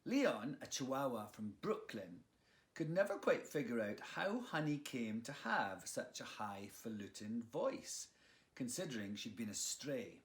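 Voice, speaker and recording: A man reads a children's picture book aloud at an unhurried pace, playful and full of expression. His voice rises and falls a great deal as he speaks to young listeners, now and then dropping to a whisper. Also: medium pitch, sing-song.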